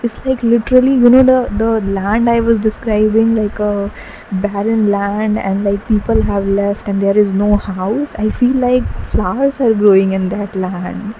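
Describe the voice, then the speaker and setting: A woman's voice: medium pitch, steady tone, a little slow, warm tone, muffled recording, a little hiss or hum. A woman giving an emotional tarot reading, gushing and full of fillers, tearful at times. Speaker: tarot card reader. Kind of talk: casual tarot reading monologue.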